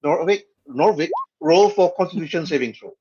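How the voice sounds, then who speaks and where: A man narrating as game master of an online tabletop game, in a relaxed, halting way with many fillers. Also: a little high, slightly rough. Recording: dull lo-fi voice chat audio.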